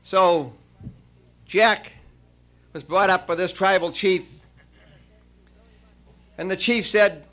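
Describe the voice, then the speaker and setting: A man giving a farewell after-dinner speech, telling a long joke with frequent pauses and fillers. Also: high voice, fairly even intonation, bright, forceful tone. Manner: storytelling, halting with many uh fillers.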